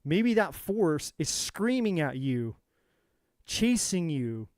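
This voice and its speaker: Posing as a tarot reader, a man delivers a fierce, preachy motivational monologue to his viewers, cursing freely and repeating lines for emphasis. His voice is slightly high for a man, with a darkish tone and a slow, sing-song delivery, recorded close and dry with almost no room echo.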